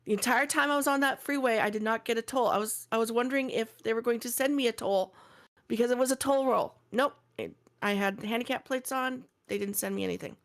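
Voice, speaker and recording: A woman's voice: a little high, brisk. A woman from Canada with a neutral West Coast Canadian accent, telling stories in casual podcast chat as co-host. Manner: storytelling, acts out quoted dialogue.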